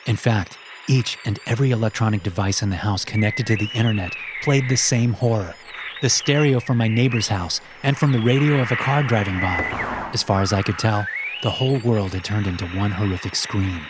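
A man narrating a horror story in a steady storytelling voice. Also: on the low side, brisk, heavy background noise. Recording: loud background music.

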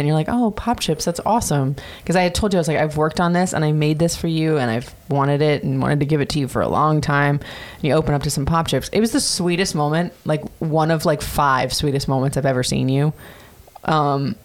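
A woman in her thirties casually telling a personal story on a podcast, chatty and profane with many fillers. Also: sits low. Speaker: podcast host.

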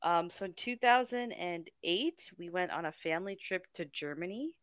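A woman's voice: lowish voice, lively intonation, a bit bright, no echo, clean studio sound. A woman co-hosting a podcast, casually chatting and cutting in with questions. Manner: interjecting with questions, quick laughs. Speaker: podcast co-host. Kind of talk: casual chat.

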